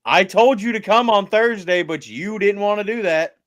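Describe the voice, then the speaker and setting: A man co-hosting a casual podcast chat, animated, laughing often and swearing freely. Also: high-pitched, normal speed. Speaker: podcast co-host.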